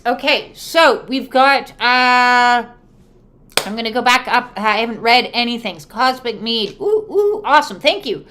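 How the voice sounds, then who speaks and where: Woman with a high voice, frank card reader, swears casually, reads for viewers live. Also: expressive, a little slow, bright, forceful tone, slight background noise. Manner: casual, emphatic, swears freely; acts out quoted voices. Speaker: oracle and tarot card reader. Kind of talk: live spiritual card reading, answering viewers.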